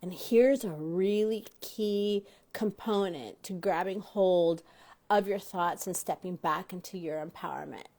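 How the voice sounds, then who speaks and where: A woman's voice: lowish voice, unhurried. A woman hosting a motivational self-help talk show, teaching an audience and often asking them questions directly. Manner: animated, addresses listeners directly with questions; acts out quoted dialogue in varied voices.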